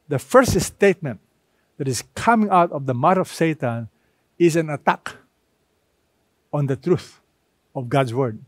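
A man's voice: fairly high pitch, a little mellow, no echo, clean studio sound. Emphatic man preaching a sermon. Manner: emphatic, repetitive preaching with dramatic pauses. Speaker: pastor.

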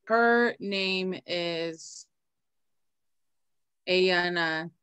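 Very slow, careful woman student. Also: on the low side, fairly bright tone, clean tone, dry recording. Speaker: language student.

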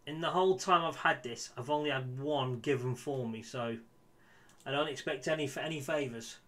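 A man's voice: medium pitch, moderate pace, a bit bright. Man, gaming commentary, frustrated, swears a lot, chats to viewers. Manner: exasperated, swearing, talks to viewers. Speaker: gaming YouTuber. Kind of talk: casual game commentary.

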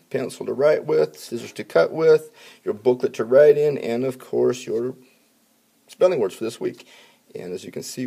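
Gravelly upbeat male spelling teacher. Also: mid-range voice. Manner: upbeat teacher talk, drops to quiet asides at the board. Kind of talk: classroom instruction video.

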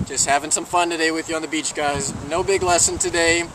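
A chatty man with a fairly high voice tells a playful joke to his own camera on a beach. He sounds a little far from the mic, with steady outdoor noise around him. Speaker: vlogger telling a joke. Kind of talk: casual joke-telling to camera. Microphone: handheld camera.

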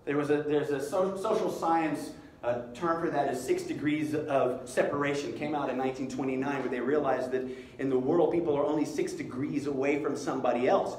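High-voiced man telling stories in a hall. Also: brisk, distant mic. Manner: animated storytelling, jokey asides. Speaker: inspirational speaker. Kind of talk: live motivational talk. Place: school hall. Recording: echoey hall, speaker away from mic, faint background hiss.

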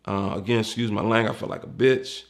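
Gravelly DC man telling a candid story. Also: on the low side, steady tone, fast. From Washington, DC. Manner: candid and profane, acts out the people he quotes. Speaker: retired homicide detective recounting his career. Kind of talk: casual personal storytelling.

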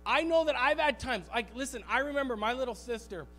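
High-voiced male pastor preaching a sermon. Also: fairly quick. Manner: animated storytelling, acts out quotes, repeats phrases for emphasis. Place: church sanctuary.

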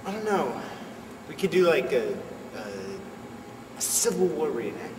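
A man's voice: a little high, big pitch swings, moderate pace. A young man in a comedy sketch, arguing defensively and rambling. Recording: echoey room with noise.

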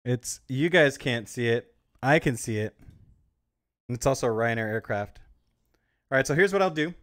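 A man's voice: mid-range voice, lively intonation, a little fast, no echo, faint music behind. A man streaming live, chatting casually and upbeat with his viewers.

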